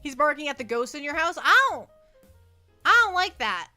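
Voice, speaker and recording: Young woman, high voice, very bright tone, rambling casual stream chatter, repeats words, faint music behind. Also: sing-song, normal speed. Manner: rambling, self-deprecating, stumbles and repeats words. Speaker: VTuber streamer. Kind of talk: casual livestream chat. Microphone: close desk mic.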